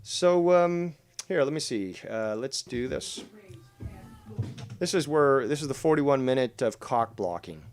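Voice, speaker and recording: A man's voice: medium pitch, expressive, a little slow, a little mellow. A man hosting a drama commentary show, talking over clips in a mocking, profane, combative way.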